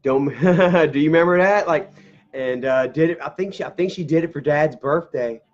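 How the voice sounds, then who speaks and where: A middle-aged man with a drawl tells a family memory to his camera, his voice a bit higher than most men's. He rambles, swears casually and laughs through tears. The dull, lo-fi camera audio makes the whole recording sound muffled. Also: normal speed. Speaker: vlogger. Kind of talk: emotional personal storytelling to camera.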